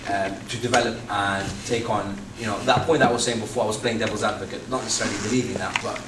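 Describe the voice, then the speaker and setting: A man from the West Midlands asking the lecturer a question, halting and hesitant. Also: lowish voice, steady tone. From West Midlands, England. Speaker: audience member asking a question. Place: lecture hall. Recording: distant echoey hall with loud noise.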